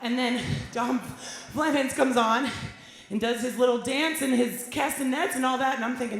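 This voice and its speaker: High-voiced woman teasing from a roomy stage. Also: creaky. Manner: playful, teasing, quick asides. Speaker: band singer on stage. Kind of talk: onstage banter between songs. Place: live music stage before an audience. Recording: roomy live venue sound. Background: faint band and crowd.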